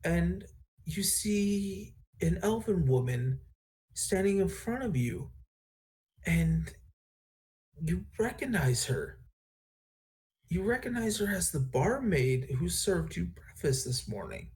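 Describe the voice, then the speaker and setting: A man's voice: sits high, big pitch swings, takes it slowly, long pauses, a little mellow. Rambling game master man. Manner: rambling, self-correcting narration. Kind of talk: narrating a tabletop game.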